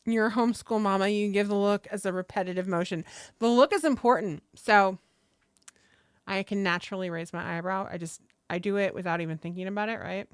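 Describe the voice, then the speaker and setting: This livestream host has a mid-range voice captured with studio quality and no room sound through a close desk mic. Seated at a table, she leads viewers through stretches, cursing casually and saying hi to chatters.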